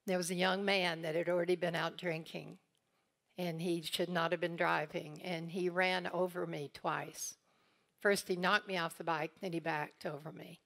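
Speaking at a moderate pace with vocal fry, this woman has a lowish, fairly bright voice that barely moves in pitch. As a guest teacher from eastern Kentucky, she shares family stories with a congregation and acts out quoted voices, laughing along.

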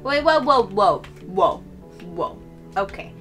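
A young woman voicing her lead character in an improvised game role-play, excitable and giggly, sliding into whiny squeals. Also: medium pitch, slow, faint music behind.

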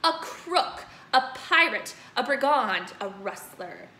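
A woman voicing a cruel, tyrannical headmistress who booms and hurls insults. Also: very animated, slow, heavily acted. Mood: furious. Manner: booming, shouting insults. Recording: roomy echo, faint noise.

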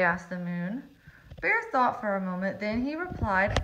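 A teacher reading a picture book aloud to young children, talking in a friendly way with frequent ums. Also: female voice, mid-range voice, expressive, measured pace, a bit bright. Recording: slightly muffled recording with faint hiss.

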